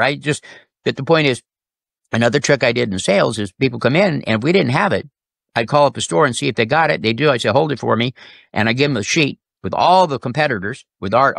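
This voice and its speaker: A man as an interview guest, telling sales stories in a lively way and acting out the people in them. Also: medium pitch, vocal fry, dry recording, clean studio sound. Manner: animated, acts out quoted customers and bosses. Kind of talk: casual storytelling interview.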